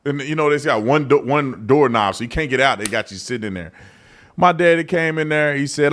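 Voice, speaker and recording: A Texan accent marks this adult man from Texas as he hosts a live political commentary show. He's blunt, mocking, and slangy, speaking briskly in a medium-pitched, slightly bright voice.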